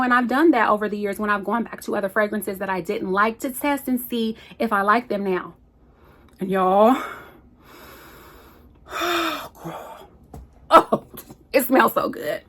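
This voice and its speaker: Sassy perfume-vlogger woman, slightly high voice. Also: a bit bright. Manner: sassy, playful, talks to viewers as "y'all" and "girl". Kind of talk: casual chat reviewing perfumes.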